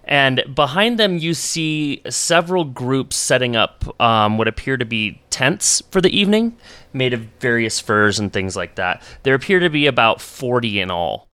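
A man running a tabletop game as game master, telling scenes in a relaxed way and chuckling as he goes. His voice is bright, with a lively pitch. The sound is dry and close. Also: clear, resonant tone, no room sound. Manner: relaxed, chuckling, slows for descriptions.

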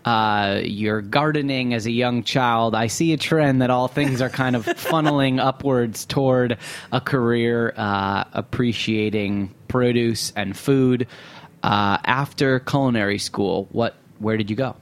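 A man's voice: medium pitch, steady tone, a little slow. A man hosting an interview, asking curious questions and often piling several into one turn. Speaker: interview host.

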